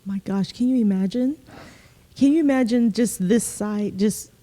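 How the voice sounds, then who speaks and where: A woman's voice: on the high side, moderate pace, warm tone. Devout, responsive woman podcast host. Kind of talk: casual podcast interview.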